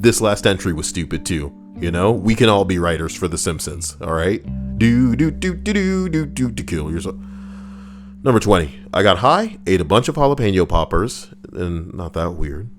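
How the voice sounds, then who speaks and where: Man reading internet stories, deep low voice, sarcastic rambling commentary, faint guitar music behind. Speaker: host reading and reacting to online stories.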